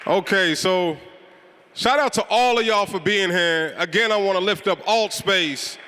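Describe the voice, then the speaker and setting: A man with a Chicago accent hosts a live assembly, pumping up the crowd with call-and-response shout-outs. His voice sits high and bright. It rings out through a large hall with a long echo. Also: a little slow, a little hiss or hum. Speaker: event host. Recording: reverberant hall.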